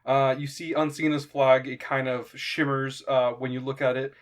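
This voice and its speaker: A young man narrating a tabletop game as game master, halting and stopping often to find his words. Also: medium pitch, flat delivery. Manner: halting, lots of fillers and restarts.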